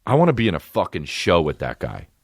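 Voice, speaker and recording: A man in his thirties hosting a comedy podcast, ranting loudly and crudely, often jumping up into a high mocking voice. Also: quick pace, husky, no echo, clean studio sound. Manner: loud, profane, animated, jumps into high mocking pitch. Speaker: podcast host.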